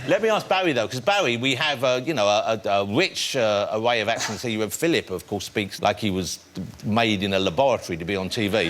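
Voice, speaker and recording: A man's voice: medium pitch, a bit bright. A man hosting a chat show, teasing his guest and laughing often. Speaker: talk show host. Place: TV studio with live audience. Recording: studio audience noise.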